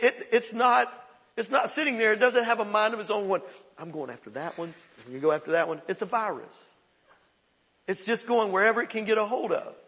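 A man's voice: high-pitched, sharp tone, husky, in a large hall. A middle-aged man preaching a conversational, emphatic sermon as pastor.

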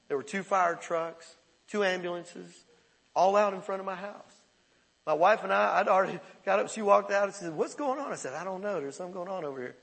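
A man's voice: sits high, creaky, fairly bright tone, long reverb tail. A middle-aged man preaching a conversational, emphatic sermon as pastor.

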